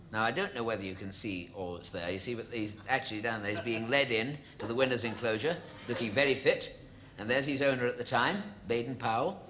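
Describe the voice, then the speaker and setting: A man, a comedian, telling a deadpan comic monologue to an audience. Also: mid-range voice, very noisy. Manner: deadpan storytelling with acted quotes. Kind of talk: stand-up monologue to a studio audience.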